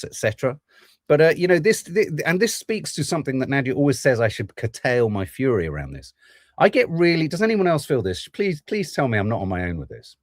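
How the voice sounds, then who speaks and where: Animated ranting man. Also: mid-range voice, no echo, clean studio sound. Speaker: podcast host. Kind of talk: political commentary chat.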